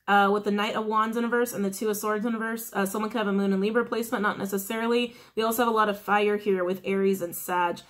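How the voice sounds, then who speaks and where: A woman talking through a tarot reading straight to her viewers. She rambles in a loose, chatty way, full of "like" and "um." Her voice sits at an ordinary middle pitch for a woman. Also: steady tone, fast talker, hardly any pauses. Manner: chatty, rambling, many fillers. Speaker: tarot reader.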